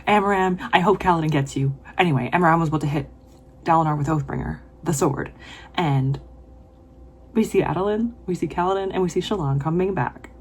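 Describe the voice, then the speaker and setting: A woman's voice: low voice, brisk, a little hiss or hum. A woman book vlogger reading passages aloud in a casual vlog, reacting emotionally with gushing comments. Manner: emotional, gushing reactions with laughs and whispered asides.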